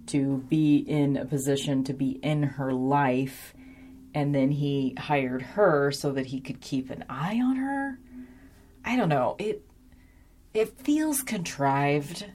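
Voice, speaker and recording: Woman, low voice, casual recap host, rambling and wry, lots of filler words. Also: darkish tone, a little hiss or hum. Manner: chatty, frequent ums and likes, wry asides. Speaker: episode reviewer.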